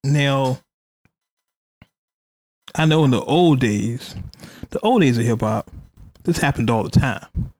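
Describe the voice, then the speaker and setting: A man's voice: mid-range voice, animated, slow pace, pauses often, darkish tone, no room sound. A man hosting a casual podcast, chatty and hedging, stopping often to say allegedly. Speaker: podcast host. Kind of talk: casual hip hop news chat.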